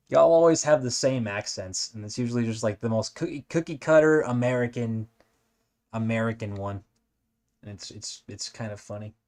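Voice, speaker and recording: This man's voice is medium-pitched and a little mellow. A California animation streamer with a Californian accent, he talks casually while drawing, rambling, restarting, and saying like a lot.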